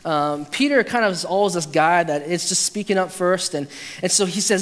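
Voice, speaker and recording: A man's voice: high-pitched, normal speed, a bit bright. A male pastor preaching a conversational, humorous sermon, acting out quotes with restarts. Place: church sanctuary. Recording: hall reverb.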